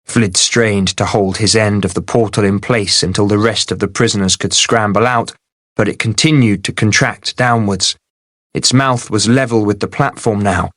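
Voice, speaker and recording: A man narrating a fantasy novel in a steady, measured audiobook reading. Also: fairly low pitch, no echo, studio quality.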